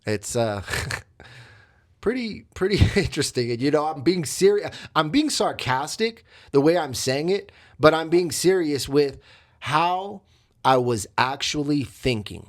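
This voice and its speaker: A man's voice: a little high, lively intonation, a little slow. A man hosting a podcast, telling his own story in a candid, reflective, confessional way with many fillers. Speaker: podcast host and coach.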